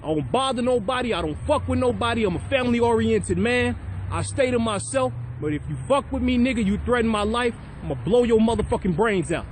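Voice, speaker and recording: Profane man ranting high. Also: animated, a little fast, slight background noise. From Chicago. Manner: profane, blunt, confrontational. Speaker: vlogger. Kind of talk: heated storytelling rant.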